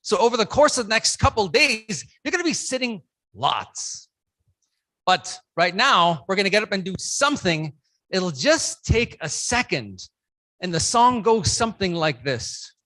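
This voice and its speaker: Conference keynote speaker, lively pitch, energetic, call-and-response, loud bursts to the crowd. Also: measured pace. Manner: breaks into loud shouts to rouse the audience. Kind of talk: motivational speech with audience participation. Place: conference room with a live audience.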